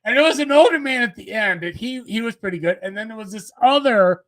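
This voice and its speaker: A man's voice: high voice, expressive, fast talker, a bit bright. A man co-hosting a casual show, telling rambling anecdotes and laughing through them. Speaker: co-host. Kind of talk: casual storytelling chat.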